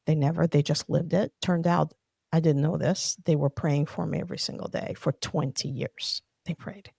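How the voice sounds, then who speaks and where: Woman guest, heartfelt personal testimony; heavy vocal fry, dry close sound. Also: low-pitched, fairly even intonation, normal speed, a little mellow, dry recording. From Soviet Union. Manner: earnest, heartfelt storytelling. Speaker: podcast guest.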